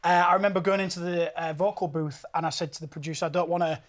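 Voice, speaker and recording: A man in his thirties with a Yorkshire accent, a singer telling stories as an interview guest, lively and laughing often, restarting his sentences. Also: on the high side, fast talker. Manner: animated, laughs often, repeats words as he restarts. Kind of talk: casual interview chat.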